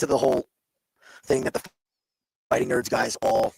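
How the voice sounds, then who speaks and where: A man's voice: medium pitch, flat delivery, normal speed, vocal fry, husky, low-quality recording. A man co-hosting a betting stream over a video call, rambling with lots of fillers and swearing. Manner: rambling, filler-heavy, profane. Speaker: co-host. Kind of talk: live sports betting chat. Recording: dry, glitchy video-call audio.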